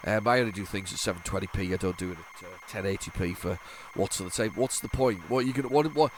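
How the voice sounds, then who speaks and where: A man's voice: deep voice, fast talker. A man talks his way through an old computer game in loose, rambling commentary, repeating and restarting his words as he goes. His nose is stuffed up and congested. A faint hiss of noise sits under his voice. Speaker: retro gaming channel host. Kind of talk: casual gameplay commentary.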